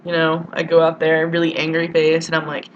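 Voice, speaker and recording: A woman's voice: deep voice, monotone, a little fast, dull audio, a little hiss or hum. A young woman in a casual vlog monologue, rambling and self-mocking, swearing freely and full of "like" and "you know". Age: young adult. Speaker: vlogger. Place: college dorm room.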